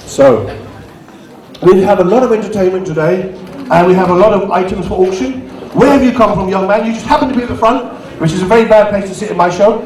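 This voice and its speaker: A man's voice: high voice, a little mellow. A man doing live stand-up comedy and bantering with the crowd as compere. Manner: banters with the crowd, quick asides. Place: community venue hall. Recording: echoey hall, distant mic, audience.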